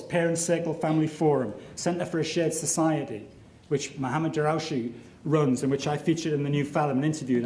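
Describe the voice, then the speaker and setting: A middle-aged man giving a formal, measured and emphatic debate speech full of rhetorical questions, heard in a large lecture hall. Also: on the high side, mellow, slight background noise. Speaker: debate speaker. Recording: echoey hall recording.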